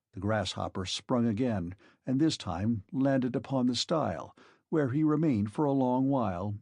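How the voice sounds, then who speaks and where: Husky male audiobook narrator. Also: medium pitch, a little mellow, dry recording. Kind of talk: scripted narration.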